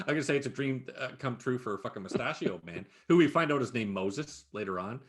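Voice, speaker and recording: Man, podcast co-host, casual chat, lively pitch swings, profane, animated. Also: fairly quick. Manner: profane, animated recapping with frequent laughs.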